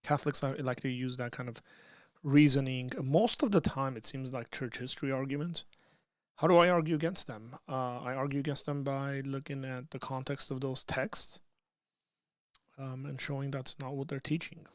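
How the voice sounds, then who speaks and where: A man hosting an informal livestream reads chat questions out loud and answers them loosely, frequently starting over. His mid-range voice holds a steady tone at a moderate pace, recorded cleanly in a studio with no room sound.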